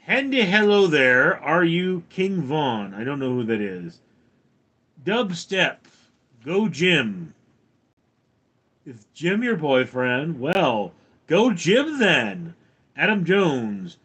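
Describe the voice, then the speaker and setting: A man live-streaming from home, reading chat comments and answering in a dry, deadpan way. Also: fairly high pitch, takes it slowly.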